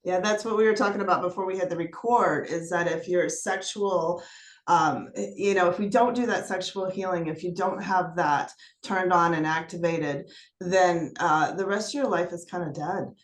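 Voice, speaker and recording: A woman's voice: fairly low pitch, normal speed. A woman hosting a casual chat, talking in a heartfelt, rambling way. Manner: chatty and heartfelt, with many "you know" fillers. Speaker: host. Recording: echoey room.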